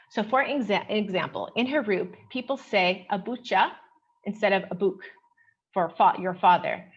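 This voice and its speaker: A female researcher presents an academic paper at a conference, explaining in a measured way and often opening points with "okay." Her voice is mid-range, and the recording has its highs cut off.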